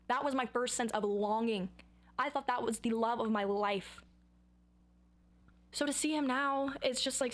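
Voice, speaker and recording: Young woman, casual vlog chatter, rambling, excitable, dramatic, slightly high voice. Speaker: vlogger.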